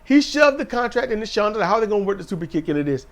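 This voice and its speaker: High-voiced man recapping wrestling. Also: very fast. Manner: animated storytelling, mimics wrestlers in quotes. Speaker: podcast co-host. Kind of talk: casual wrestling recap chat.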